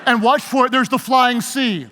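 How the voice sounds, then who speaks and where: A man's voice: very high-pitched, normal speed, pushed and bright, slight background noise. A man preaching a leadership sermon, leading his audience in call-and-response. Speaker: pastor. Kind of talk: sermon-style leadership talk. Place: large hall with live audience. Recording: long hall reverb.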